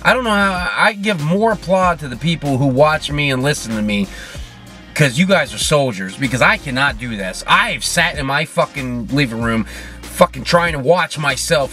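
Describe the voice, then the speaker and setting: A man's voice: a little high, pushed and bright. A man hosting a podcast, ranting alone from his car, drinking and rambling with lots of swearing and jokes at his own expense. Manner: rambling, profane, self-mocking. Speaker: podcast host. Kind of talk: casual solo rant.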